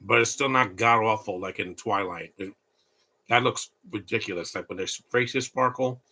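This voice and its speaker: A man hosts a casual live commentary over a movie. His voice sits a little low but comes across bright and forceful. He rambles from point to point and drops blunt, opinionated asides. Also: normal speed, slightly rough.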